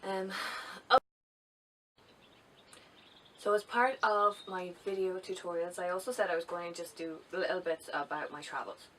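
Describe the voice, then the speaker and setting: A young Irish woman with a slightly low voice talks to camera in a loose, rambling way, full of ums and restarts. The mic sits a little way off, with a faint hiss of background noise behind her. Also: fairly even intonation, normal speed, long pauses, fairly bright tone, recorded from a distance, poor audio. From Ireland. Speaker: travel vlogger. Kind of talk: casual chat to camera.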